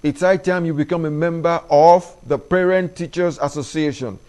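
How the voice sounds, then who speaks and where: A man's voice: on the high side, moderate pace, a little mellow. Emphatic man lecturing parents. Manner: preachy, emphatic, rises sharply when stressing points. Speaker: commentary show host. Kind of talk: opinion monologue to parents.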